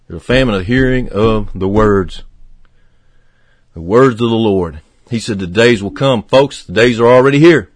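A man preaching a fervent radio sermon, swinging from emphatic peaks to hushed, low passages. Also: normal speed, dry recording.

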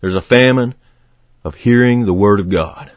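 A man preaching a fervent radio sermon, swinging from emphatic peaks to hushed, low passages. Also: normal speed, no echo.

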